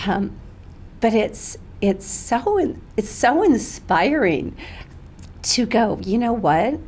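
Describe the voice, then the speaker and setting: A woman's voice: on the high side, sing-song, slow. A middle-aged woman who owns a med spa, speaking earnestly as a guest in an interview conversation. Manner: earnest, grows tearful and soft-spoken at times.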